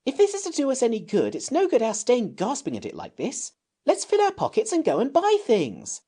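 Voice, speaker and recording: A man's voice: extremely high pitch, wildly swooping pitch, fairly quick, warm tone, husky, pitched above the performer's own voice, heavily acted. A man voicing a bossy, impatient young boy in a storybook reading, with a raised, pushy delivery. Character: bossy practical boy, eldest brother.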